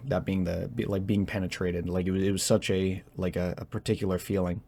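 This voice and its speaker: A young man speaking in a personal confessional monologue, halting and hesitant as he searches for words, tense as he talks. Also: low-pitched, little pitch movement, a little mellow. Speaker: vlogger.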